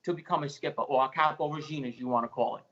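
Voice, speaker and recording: A man's voice: mid-range voice, racing, a bit bright, dull audio. A man in a played podcast clip, talking bluntly with frequent restarts. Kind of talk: casual chat.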